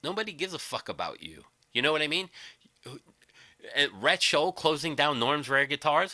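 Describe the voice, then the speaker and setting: A man ranting on his livestream, combative and sarcastic, with constant swearing. His pitch leaps up and down, and his voice is bright and cutting. The sound is dry and close to the mic. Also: lively intonation, moderate pace, no echo. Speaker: livestream host. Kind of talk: angry profane rant.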